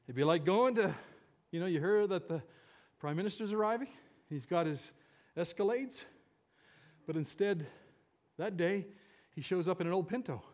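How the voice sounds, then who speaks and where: Male pastor, high-pitched voice, lively sermon delivery, church setting. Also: moderate pace, long pauses. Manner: animated, leads congregation in shouting.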